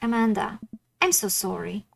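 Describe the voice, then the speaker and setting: A woman's voice: medium pitch, sing-song, moderate pace, gravelly, a little hiss or hum, poor audio. A woman streaming a dating sim, reacting bluntly and swearing often in casual gaming commentary.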